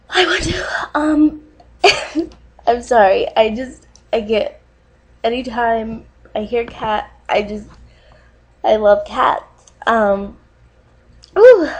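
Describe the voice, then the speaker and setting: A young woman, high in pitch, stumbles through a dating-video introduction, played by an actress. She speaks slowly and haltingly, filling gaps with ums. Her voice keeps breaking into tearful sobs over her love of cats. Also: low-quality recording. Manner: halting, full of fillers, choking up into tears. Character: nervous young woman, overly emotional about cats. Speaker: online dating video profile. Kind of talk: comedic monologue to camera.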